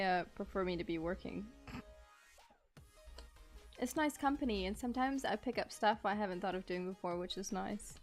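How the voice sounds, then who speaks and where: A woman streamer talking casually on a live stream, reading out viewer messages as they come in. She laughs often and apologizes easily, her voice sitting at an ordinary middle pitch. Soft music plays faintly in the background. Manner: chatty, reads chat aloud, laughs often, apologetic. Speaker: streamer, figure sculptor.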